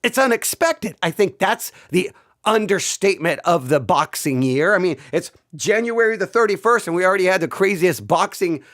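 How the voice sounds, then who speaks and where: A middle-aged man hosting his own channel, excitedly telling a story in casual talk and often repeating himself. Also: high voice, normal speed. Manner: animated, repeats himself, breaks into laughter. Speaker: channel host.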